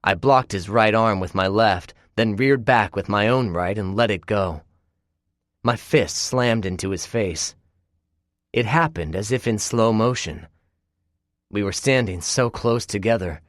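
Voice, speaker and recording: A man's voice: lowish voice, no room sound, studio quality. A man narrating a first-person audiobook and voicing its dialogue with a tense, clipped delivery.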